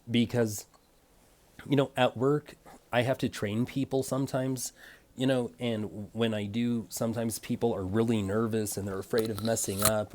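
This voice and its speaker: Young man, fairly low voice, venting about a haircut, casual vlog rant. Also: a little mellow. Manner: irritated, storytelling with clipper sound effects. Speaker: vlogger.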